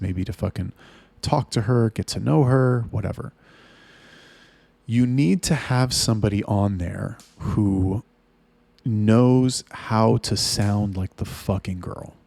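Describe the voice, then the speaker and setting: Foul-mouthed guy ranting to his camera, gravelly low voice, dead dry room. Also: darkish tone, no room sound. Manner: blunt and profane, with frequent restarts. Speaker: webcam studio owner. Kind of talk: casual business vlog.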